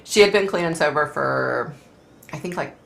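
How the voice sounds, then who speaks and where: A woman's voice: sits low, normal speed, gravelly, a bit bright. A middle-aged woman hosting a casual live stream, talking in an emotional, rambling way with sighs and fillers. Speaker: host reading viewer comments.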